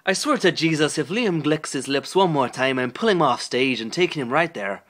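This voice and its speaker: A man doing a lustful young Irish pop singer, in a slightly high voice. The Irish accent is clumsy and put on. He reads in an over-dramatic, stumbling way, like a comic reading aloud. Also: lively intonation, brisk, a bit bright. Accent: put-on Irish, poorly done.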